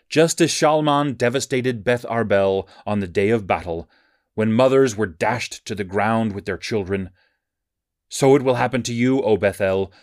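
A man giving a measured, scripted reading of Bible passages. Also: lowish voice, no room sound, clean studio sound. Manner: measured, even reading cadence. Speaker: scripture reader.

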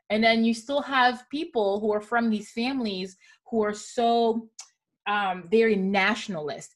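A young woman from Gabon talks on a panel in a candid, storytelling way. Her voice sits in an ordinary middle register, and she keeps it relaxed and conversational. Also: medium pitch. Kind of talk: casual panel discussion.

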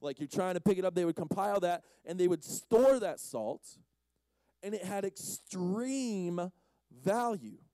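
A man delivers a conference sermon in a relaxed, playful style, poking fun at his audience between points. His voice sits a little high yet sounds mellow. The sound is close and dry. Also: measured pace, no room sound. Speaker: youth conference speaker. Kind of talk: casual joking sermon.

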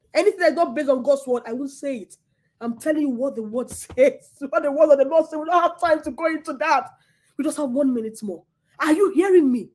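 High-voiced woman preaching with passion. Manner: impassioned, repeats words, laughs and breaks into near-crying. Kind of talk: sermon.

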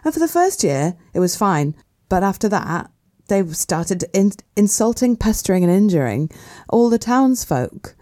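A woman's voice: medium pitch, sing-song, measured pace, hardly any pauses, warm tone. A young Welsh woman comedian, chatty and often laughing, retelling a myth for comic effect in a podcast studio. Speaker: comedian guest.

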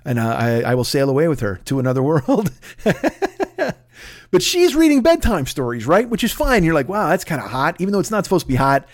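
A man's voice: a little high, wildly swooping pitch, a little fast. A man hosting a comedy podcast, ranting profanely and sarcastically. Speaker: podcast host.

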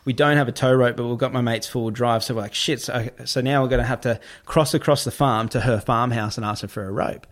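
A man's voice: medium pitch, fairly even intonation, fast talker, few pauses. A young adult man, telling a story as a guest in casual chat, with a rambling delivery full of "like" fillers. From Australia.

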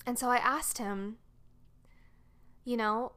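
A woman's voice: on the high side, fairly even intonation, slow, bright, forceful tone. A woman hosting a podcast, telling a personal story casually and earnestly, with lots of "like" fillers. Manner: chatty, frequent "like" fillers, earnest. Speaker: podcast host.

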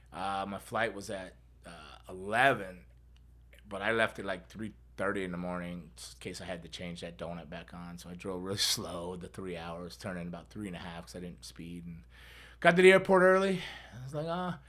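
A man's voice: sits low, normal speed, bright, forceful tone. A middle-aged man hosting a podcast, telling a rambling story with laughs and acted-out voices. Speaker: podcast host. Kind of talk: casual storytelling.

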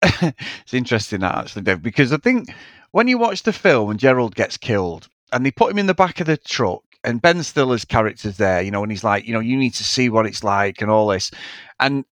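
Bloke on a podcast, bouncy voice, swears a lot, dry close sound. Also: male voice, mid-range voice, a little fast, no echo. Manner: animated, swears freely, rambling. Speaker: podcast co-host. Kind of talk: casual film review chat.

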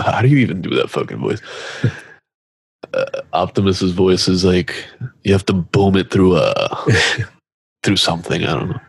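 A man's voice: sits low, big pitch swings, moderate pace, creaky, pauses often, breathy edge, no echo. A young man co-hosting a podcast, joking crudely and laughing between lines. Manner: joking, laughing often, trying out put-on accents. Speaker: podcast co-host. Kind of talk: crude casual banter.

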